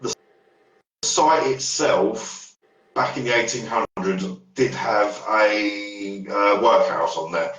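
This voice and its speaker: Slow and deep yet a bit bright, a man's voice recounts ghost stories as a paranormal investigator on a podcast, rambling, trailing off, and restarting. The recording is muffled, echoey, and distant from the mic.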